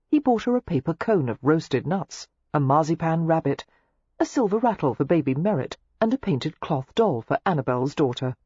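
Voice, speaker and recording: Woman reading a romance audiobook, low husky voice, dull lo-fi sound. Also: warm tone, no room sound. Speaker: audiobook narrator. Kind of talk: audiobook narration of a romance novel. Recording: dry, slightly muffled lo-fi recording.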